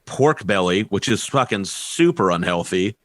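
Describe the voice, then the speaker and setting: A man's voice: fairly low pitch, lively intonation, a little slow, no echo. A man co-hosting a comedy podcast, rambling with restarts, laughing and swearing as he talks. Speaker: podcast co-host. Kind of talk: casual comedic chat.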